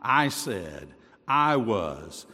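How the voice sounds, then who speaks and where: A man's voice: on the low side, big pitch swings, drawn-out words, pushed and bright. A male pastor giving a sermon, conversational and earnest, often asking rhetorical questions of the congregation. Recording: long reverb of a large hall.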